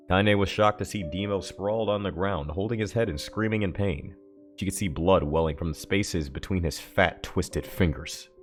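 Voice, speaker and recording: Low-voiced male streamer narrating a novel; casual reader, self-corrects on hard words, soft music bed. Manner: occasional stumbles and self-corrections. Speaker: streamer reading a novel aloud. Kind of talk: dramatic book reading on stream.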